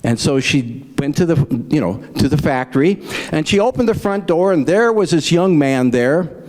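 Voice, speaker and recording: Middle-aged male comic, folksy joke teller, slightly high, lively swooping pitch. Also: normal speed. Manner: folksy storyteller, acts out grandparents in raised voices. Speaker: stand-up comedian. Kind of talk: folksy stand-up joke telling.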